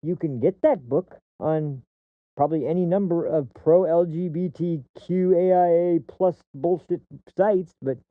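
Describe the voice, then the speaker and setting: A man hosting a political commentary stream, ranting with heat and frequent swearing, stumbling and restarting as he pushes his points. His voice sits a little high for a man. The audio is dry and thin, like it comes down a phone line. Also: unhurried, no echo. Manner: heated, profane ranting; repeats and restarts words mid-sentence. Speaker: streamer host.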